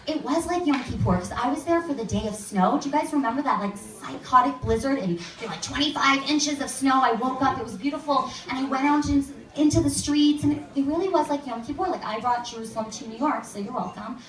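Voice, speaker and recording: A young woman performs stand-up on a comedy club stage before a live audience, chatty and full of "like," acting out other people's voices. Her voice sits high with a fairly bright tone, quick and nearly pauseless. The room echoes, the mic sounds distant, and the crowd laughs.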